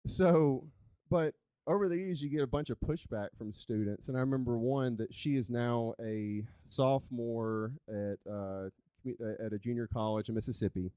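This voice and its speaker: A man telling a live story on stage as a coach, animated and conversational. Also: medium pitch, normal speed, smooth, no room sound. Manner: animated, conversational, chatty with "like" fillers. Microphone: handheld microphone.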